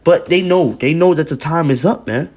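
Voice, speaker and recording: A man's voice: on the high side, normal speed, darkish tone. A man giving an emphatic, repetitive preaching commentary on video, reading scripture and news aloud and often adding "man".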